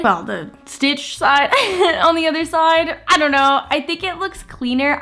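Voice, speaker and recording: Young woman, crochet vlogger, chatty, excitable, at home, faint background music. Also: fairly high pitch. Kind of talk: casual talk-to-camera vlog. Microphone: camera on a stand.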